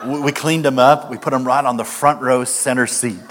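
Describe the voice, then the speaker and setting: A man's voice: mid-range voice, steady tone, brisk, fairly bright tone. A man preaching as guest speaker, telling a comic story with punchlines and acted-out quotes. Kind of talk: comedic sermon storytelling. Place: church hall, live audience. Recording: echoey hall, faint noise.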